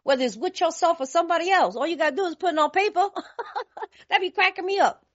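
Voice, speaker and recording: A woman from California speaking at a recovery meeting, telling her story in a lively, colloquial way and laughing often. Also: extremely high pitch, quick pace. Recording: slightly muffled lo-fi recording.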